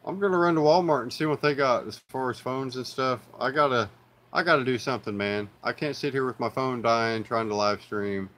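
A man with an Oklahoma accent hosts a casual live stream, his voice medium-pitched, brisk, and fairly bright. He rambles in a laid-back way, piling on fillers and calling his viewers "y'all."

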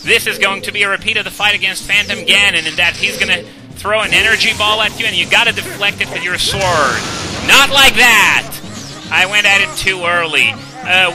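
A slightly high-voiced young man talks through a video game boss fight on a home desk mic. His commentary is chatty and self-mocking, full of "uh"s and "um"s. Game music plays loudly behind him. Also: low-quality recording. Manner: chatty, self-deprecating, frequent "uh" and "um". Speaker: let's play commentator. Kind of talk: gameplay commentary.

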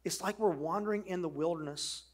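A middle-aged male pastor preaches in earnest, mixing rhetorical questions with relaxed storytelling asides. His voice sits fairly high for a man and has a husky edge. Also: fairly quick. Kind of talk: sermon.

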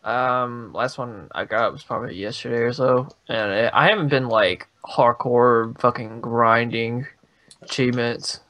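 A young man chatting during a game session. He is crude and jokey and swears freely. His voice sits at an ordinary middle pitch. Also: fairly even intonation, unhurried, a bit bright, low-quality recording. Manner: crude, swears a lot, joking. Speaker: Let's Play gamer. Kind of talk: casual gaming chat.

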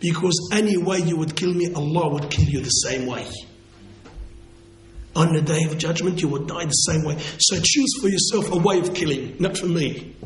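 A male Islamic lecturer telling a story in a lecture, halting and restarting phrases, slowing down for emphatic quotes. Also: fairly high pitch. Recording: echoey room with faint noise.

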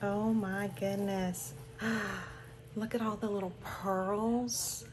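Taking it slowly with fairly even intonation, this older crafting host from the southern United States gasps and gushes breathlessly while unboxing in her home craft room. Her voice is mid-range with a darkish tone. Background noise comes through the home recording.

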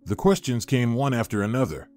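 A man reading a moral story as a measured, steady narrator. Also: medium pitch. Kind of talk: scripted narration. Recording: dry studio voice-over with soft music. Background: faint music.

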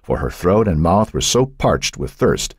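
Brief: male narrator, very deep and husky, lively rises and falls, dramatic measured reading. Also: dry recording, clean studio sound. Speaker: audiobook narrator. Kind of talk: scripted narration.

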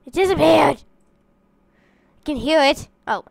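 A woman chatting playfully through a game with her siblings, excitable and prone to yelps and shouts. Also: high voice, slow, creaky. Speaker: gamer playing with her siblings. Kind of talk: casual gameplay chat. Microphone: desk microphone.

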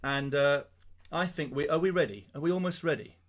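A man's voice: on the high side, lively intonation, fairly quick. A man hosting a children's sing-along livestream, leading songs and telling jokes. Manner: leads singing, cheerful joking banter. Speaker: host.

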